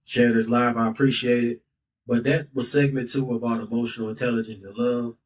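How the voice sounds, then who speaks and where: A man's voice: medium pitch, flat delivery, a little fast, distant mic, poor audio. Male host in his thirties, loose and heartfelt, filler-heavy, slightly off-mic. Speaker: podcast host. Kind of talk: casual podcast talk. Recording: voice a bit off-mic.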